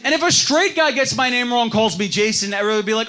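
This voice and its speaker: A man's voice: very high-pitched, animated, fast. A young man doing a self-deprecating stand-up set on a club stage, acting out other people's voices. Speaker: stand-up comedian. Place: comedy club stage before a live audience. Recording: live club set with loud crowd laughter. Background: audience laughter.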